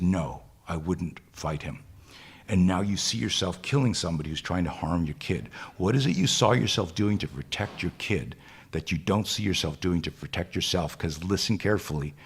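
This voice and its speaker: A man's voice: low voice, breathy edge. A man, a self-defense instructor, telling a story in a podcast interview, intense and profane, acting out the lines of the people in it. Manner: intense, profane, acts out quoted dialogue.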